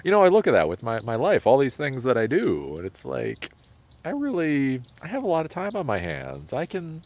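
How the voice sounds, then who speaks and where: A man in his thirties talking casually to camera outdoors in winter, reflective and rambling, with sudden animated rises. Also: mid-range voice, moderate pace, slight background noise. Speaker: vlogger. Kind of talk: casual vlog monologue. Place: outdoors in winter, near a pond.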